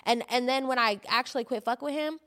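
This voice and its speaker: A woman co-hosting a podcast, telling a story in animated, casual chat and swearing often. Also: sits high, fast, smooth. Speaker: podcast co-host.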